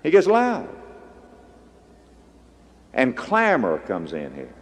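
A man preaching a sermon, swinging between hushed low lines and loud high bursts. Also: wildly swooping pitch, slow. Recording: long echo of a large hall.

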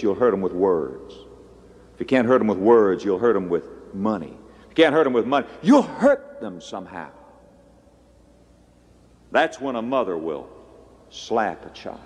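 A man preaching a sermon, swinging between hushed low lines and loud high bursts. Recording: long echo of a large hall.

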